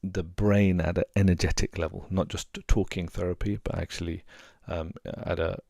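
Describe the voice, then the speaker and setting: A man's voice: sits low, level tone, moderate pace, creaky, darkish tone, dry recording, clean studio sound. A man who works as a relationship coach and hypnotherapist, giving earnest advice and repeating words for emphasis. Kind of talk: advice talk to camera.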